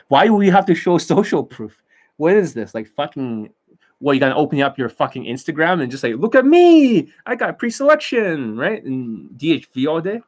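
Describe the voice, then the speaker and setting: A man who is a dating coach, talking in a rambling, boastful and profane monologue. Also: medium pitch.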